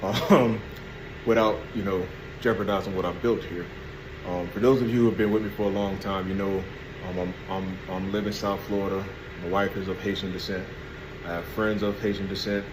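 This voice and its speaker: Male host, hesitant careful delivery, slightly low voice, noisy background hum. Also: fairly even intonation, moderate pace. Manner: hesitant, careful, with many fillers. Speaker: channel host. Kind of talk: casual commentary to camera.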